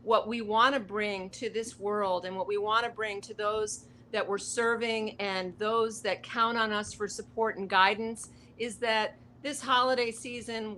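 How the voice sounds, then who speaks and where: A woman's voice: medium pitch, bright, forceful tone, slight background noise. A woman speaking as a wellness guest on a talk show, passionate and heartfelt in an earnest motivational way.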